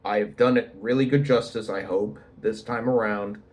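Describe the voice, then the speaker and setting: A man's voice: lowish voice, fairly even intonation, moderate pace, darkish tone. A young man rambling sarcastically in a casual video commentary, with lots of restarts. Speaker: YouTuber. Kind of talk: casual talking-head commentary.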